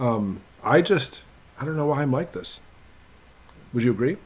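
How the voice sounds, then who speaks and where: A man hosting a casual live stream from his computer, greeting viewers by name and chatting with them. His voice sits at an ordinary middle pitch. He keeps a loose, friendly flow of hellos and small talk. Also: lively intonation, normal speed. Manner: greets viewers by name one after another, chatty and upbeat.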